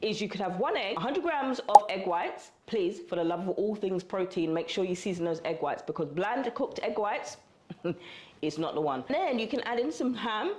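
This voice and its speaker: A woman from the UK talking casually to camera in a cooking vlog, chatty and animated, calling viewers girl and baby. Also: medium pitch, normal speed, background noise. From United Kingdom. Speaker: vlogger. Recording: roomy echo.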